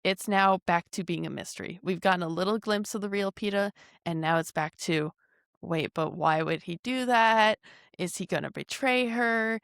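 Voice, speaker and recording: A woman's voice: mid-range voice, normal speed, gravelly, fairly bright tone, no room sound, clean studio sound. A woman co-hosting a casual podcast, musing over a character's motives with rhetorical questions. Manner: thoughtful, asks rhetorical questions. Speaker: podcast co-host. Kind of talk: casual film discussion.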